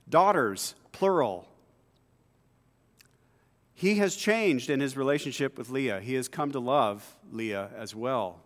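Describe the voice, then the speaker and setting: A male pastor with a somewhat high voice preaching in a church. He tells stories in a chatty way and keeps breaking off for asides. His words carry a long reverb from the big sanctuary. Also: normal speed, fairly bright tone. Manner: conversational storytelling with asides and laughs. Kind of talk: sermon.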